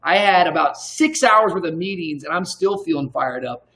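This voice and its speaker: A man co-hosting a live show at home, energetic and playful in his banter. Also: fairly high pitch, normal speed, roomy sound. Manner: energetic, playful, sings songs. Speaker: co-host. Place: indoors at home.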